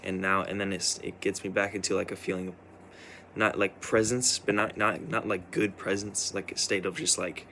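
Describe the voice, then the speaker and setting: A man's voice: low-pitched, little pitch movement, moderate pace, bright, forceful tone, a little hiss or hum. A tired young man who stayed up all night, rambling in a personal vlog with many restarts and fillers. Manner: hesitant, full of restarts and "like". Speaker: vlogger.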